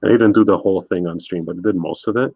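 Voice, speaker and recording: A man's voice: deep voice, rapid-fire, creaky, husky, no room sound. A man hosting a live painting stream, chatting casually with a guest while he paints, rambling with lots of fillers. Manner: rambling, laid-back, frequent fillers. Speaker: streaming artist host. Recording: tinny phone-like sound, dry.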